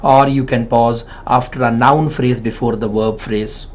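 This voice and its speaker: Steady in tone and unhurried, this man's voice sits at a medium pitch. As a PTE and IELTS trainer giving a spoken coaching lesson, he speaks with emphatic Hindi-man energy, restating points and often adding "right?" The recording is lo-fi and a bit dull.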